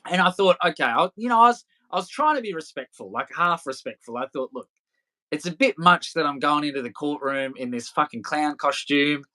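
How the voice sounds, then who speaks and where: A man's voice: a little high, lively intonation, brisk, sharp tone. Rambling, laughing man. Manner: loose, rambling, swears freely, laughs often. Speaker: podcast guest. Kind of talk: casual storytelling interview.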